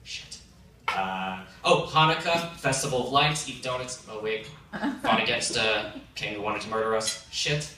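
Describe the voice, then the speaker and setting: A male stand-up comedian performing a self-deprecating set with animated punchlines on a comedy club stage. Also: fairly low pitch, unhurried, distant mic. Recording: echoey club recorded from afar, noisy. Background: audience laughter.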